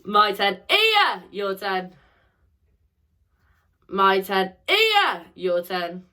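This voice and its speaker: A woman's voice: medium pitch, little pitch movement, drawn-out words, sharp tone. A young woman teaching a phonics lesson to children, drilling sounds in call and response and praising each answer.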